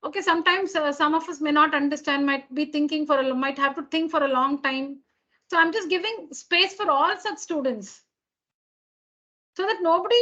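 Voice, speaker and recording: A woman with a high voice teaches an online class over a dull, lo-fi call line. She speaks patiently and keeps restating her points so that everyone follows. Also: normal speed, bright, forceful tone. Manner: patient, repeats and rephrases points. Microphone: computer mic on a video call.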